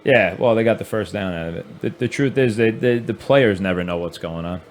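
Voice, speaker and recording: A man's voice: on the low side, fairly quick, slight background noise. A man chatting bluntly as a podcast guest during a football game, laughing and swearing freely. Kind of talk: casual chat watching a game.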